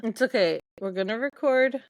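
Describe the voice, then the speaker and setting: Wry laughing woman co-host, a bit high. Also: expressive, moderate pace, no room sound. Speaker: podcast co-host. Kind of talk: casual book-club chat.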